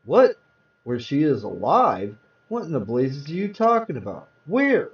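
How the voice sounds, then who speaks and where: A man's voice: fairly high pitch, huge pitch swings, unhurried. A man reading aloud, voicing a young husband frantic with grief in a hospital, with pleading, panicked outbursts. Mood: bewildered. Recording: roomy, distant, dull sound.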